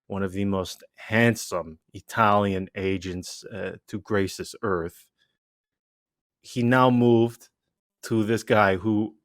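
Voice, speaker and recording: A man hosting a casual podcast chat, animated and rambling, full of asides and restarts. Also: on the low side, takes it slowly, dry recording, clean studio sound. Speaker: podcast host.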